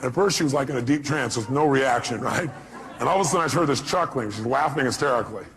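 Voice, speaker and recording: A man's voice: mid-range voice, fast, a crowd in the background, background noise. A man giving a live motivational seminar talk, speaking emphatically and bluntly and firing rhetorical questions at the audience. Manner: blunt, occasional profanity.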